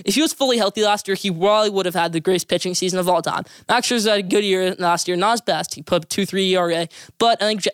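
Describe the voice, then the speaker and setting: Rapid-fire emphatic sports podcast host. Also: medium pitch, dry recording, clean studio sound. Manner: emphatic, forceful predictions. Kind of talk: opinionated sports talk segments.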